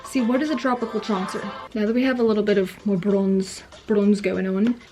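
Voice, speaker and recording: A young woman rambles happily while doing her makeup in her bedroom, her speech full of "like" and little giggles. Her pitch sits in an ordinary middle range, and soft pop music plays quietly in the background. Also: steady tone, normal speed. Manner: rambling and chatty, heavy use of "like", frequent giggles. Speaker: beauty vlogger. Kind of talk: casual get-ready-with-me chat. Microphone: camera nearby, self-filmed. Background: faint pop music playing.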